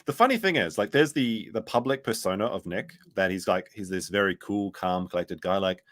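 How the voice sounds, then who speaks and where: A man's voice: fairly low pitch, brisk. A man giving sarcastic, rambling commentary on clips as a streamer. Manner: sarcastic, rambling, mimics others in quotes.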